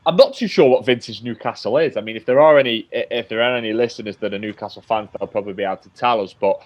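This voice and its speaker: A man's voice: medium pitch, fast talker. Casual man hosting a podcast, lo-fi. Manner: chatty, laughs easily, restarts often. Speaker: podcast host. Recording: slightly dull lo-fi sound.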